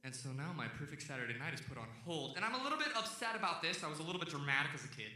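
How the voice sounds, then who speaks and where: A young man from Texas telling a long stand-up story on stage, jumping into loud shouted voices for the people in it. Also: fairly high pitch, very animated, racing, a little hiss or hum. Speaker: stand-up comedian. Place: comedy stage before a live audience. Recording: echoey venue heard from a distance.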